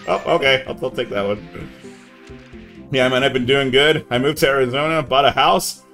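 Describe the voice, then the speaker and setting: A young man chatting casually on a live gaming stream, laid-back and saying "man" a lot, yelling now and then at the game. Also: mid-range voice, animated, normal speed, faint music behind.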